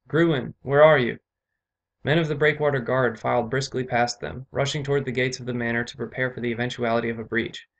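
Male author narrating his fantasy novel, steady plain reading. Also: medium pitch, vocal fry. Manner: steady reading with occasional self-corrections. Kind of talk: book reading aloud.

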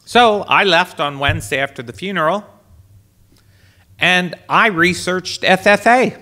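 A man, a priest, telling a lively story to an audience and acting out the other voices, now and then shouting. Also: high-pitched, unhurried. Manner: animated storyteller, acts out voices, shouts bids. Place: resort event hall.

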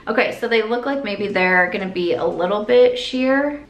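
A young woman talks through her makeup routine in an easy, rambling vlog style, circling back and restarting as she goes. Her voice sits at a middle pitch and the room around her rings with echo. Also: animated, normal speed, lo-fi sound. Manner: rambling, lots of "like" and restarts, earnest. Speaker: beauty vlogger. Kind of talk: chatty get-ready-with-me vlog. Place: at home doing makeup. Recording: echoey room.

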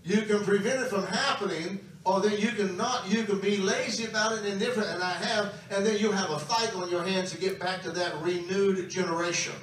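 A man's voice: high-pitched, fairly even intonation, fairly quick, few pauses, a bit bright, slight background noise. A man preaching a camp meeting sermon, emphatic and calling out to his congregation. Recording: very echoey hall, distant mic.

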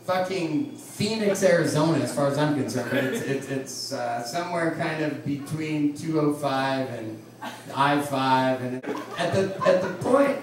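A man's voice: on the high side, measured pace. A man telling a rambling, profane story to a live bar audience, laughing as he goes. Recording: echoey room, distant mic, crowd noise.

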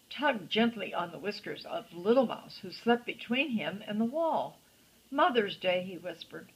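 An older woman reading a picture book aloud to a child, with gentle chatty asides and a husky voice. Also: mid-range voice, rough recording. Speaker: storyteller grandmother.

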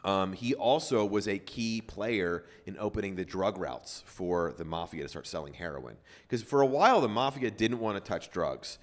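A man's voice: sits low, animated, moderate pace, hardly any pauses. A man hosting a podcast, telling a story in loose casual chat with lots of fillers and swearing. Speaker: podcast host.

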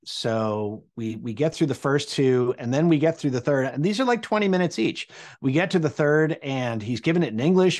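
An American man in his forties spins a personal tale for an audience, with humor and a knack for suspense. His voice sits at an ordinary male pitch, lively in the telling without strain. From United States. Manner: animated and humorous, building suspense. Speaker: storyteller.

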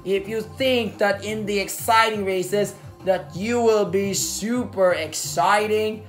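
A woman commentating her racing game play, excitable, swearing and yelping. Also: medium pitch, slow. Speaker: gaming channel host. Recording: roomy, distant from mic. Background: game music.

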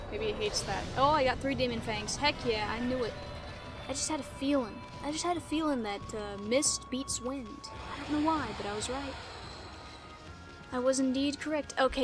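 Playful high-voiced woman gaming host. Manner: playful, giggly and self-mocking. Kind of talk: casual game commentary.

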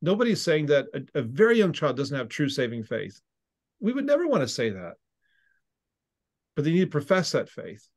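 A man speaks in a mid-pitched voice, explaining patiently like a teacher answering a podcast host. He often restarts his sentences as he thinks aloud. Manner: earnest, teaching tone with frequent restarts. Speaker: seminary professor and ordained minister.

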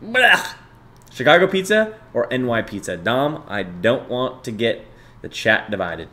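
A man's voice: medium pitch, sing-song, moderate pace, fairly bright tone. A young man in his twenties chatting casually and profanely with his stream viewers, bantering loosely and reading chat aloud.

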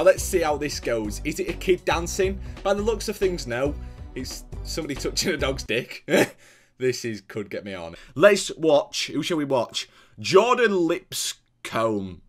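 Crude, loud young vlogger guy. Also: mid-range voice, expressive, normal speed, faint music behind. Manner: crude, joking, swears a lot. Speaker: YouTuber. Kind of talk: casual vlog.

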